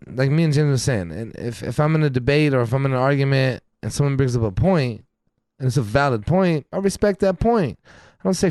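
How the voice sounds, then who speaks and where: A man's voice: mid-range voice, a little mellow, dry recording. A man co-hosting a podcast, talking in an emphatic, profane rant full of casual slang. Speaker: podcast co-host. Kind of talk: casual chat.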